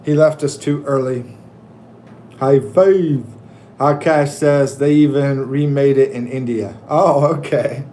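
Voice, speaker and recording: Slow, jokey man on a livestream. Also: medium pitch, fairly even intonation, mellow, a little hiss or hum. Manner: jokey, laughing, chatting with viewers. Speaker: livestream host and expat coach. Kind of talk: casual livestream chat.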